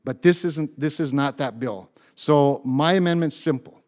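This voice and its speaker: A man's voice: on the high side, normal speed, a little mellow. A man speaking as a senator at a committee meeting, delivering floor remarks with emphatic stress on key words.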